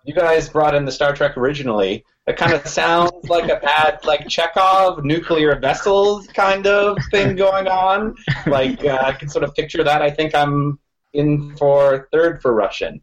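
A man's voice: on the high side, normal speed, highs cut off, slight background noise. A man on a casual podcast, rambling and laughing as he talks. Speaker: podcast guest.

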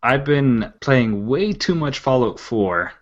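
A man co-hosting a casual podcast, delivering wry deadpan one-liners. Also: medium pitch, slow pace, muffled recording. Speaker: podcast co-host.

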